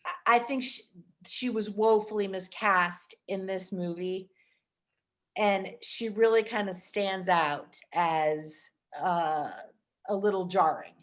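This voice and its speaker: A woman hosting a podcast, chatting enthusiastically about films with quick asides. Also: mid-range voice, a bit bright. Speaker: podcast host. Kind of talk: casual film chat.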